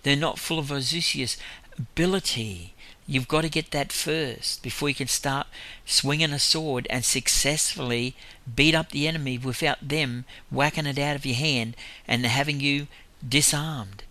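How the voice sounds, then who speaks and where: A man's voice: mid-range voice, moderate pace, bright, forceful tone. A man preaching in an informal testimony style, telling rambling stories with frequent chuckles.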